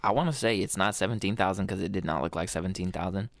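A man's voice: low voice, quick pace, dry recording. A young adult man co-hosting a podcast in casual chat, enthusiastic and rambling, with plenty of slang. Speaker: podcast co-host.

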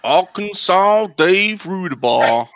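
A man putting on a slow, drawling accent as a joke. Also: high-pitched, expressive, creaky, fairly bright tone, dry recording, pitched above the performer's own voice, heavily acted.

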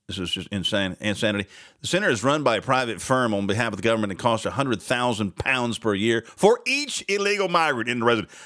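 A man's voice: fairly low pitch, fairly bright tone. A man hosting a casual talk show, rambling and sarcastic and laughing often between asides. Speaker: radio host.

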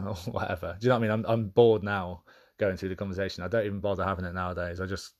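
A man with a deep, low voice speaks on his own podcast. He is candid and reflective, often pausing and restarting mid-thought as he works out what he means. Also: fairly even intonation. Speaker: podcast host. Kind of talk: reflective personal monologue.

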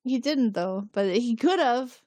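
A woman's voice: a little high, animated, unhurried, darkish tone, no echo. A woman hosting a podcast, casually retelling an episode and acting out the characters' lines. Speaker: podcast host recapping an episode. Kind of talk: casual chat.

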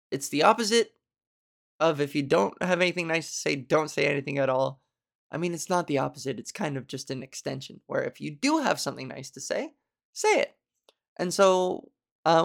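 Woman, comedian, podcast host, low voice, gravelly fry, casual animated storytelling, wry self-mocking asides.

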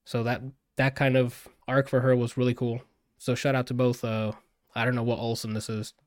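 A man's voice: mid-range voice, level tone, normal speed, no echo, clean studio sound. A man in a casual podcast chat, gushing over a film he just saw, swearing freely and rambling with fillers. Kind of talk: casual movie review chat.

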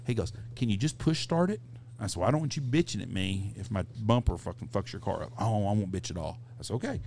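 A middle-aged man hosting a podcast, telling a crude anecdote in a casual, profane, animated way. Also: lowish voice, fast talker, gravelly, slight background noise. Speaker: podcast host. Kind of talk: casual storytelling.

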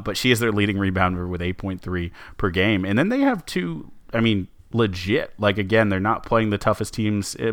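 A man's voice: lowish voice, fairly bright tone, clear, resonant tone, no room sound. A man co-hosting a sports podcast, talking casually with many fillers and restarts. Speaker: podcast co-host.

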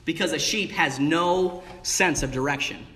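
A man's voice: fairly high pitch, unhurried, pushed and bright. A young man preaching a sermon in a church, exuberant and emphatic, calling out "amen" and "hey" as he builds to bursts of energy. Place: church sanctuary. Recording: echoey church hall.

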